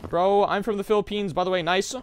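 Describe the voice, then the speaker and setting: A young man from America streaming a horror game live, shouting bursts of hype and muttering asides to chat. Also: high-pitched, fairly even intonation, fast talker, noisy background.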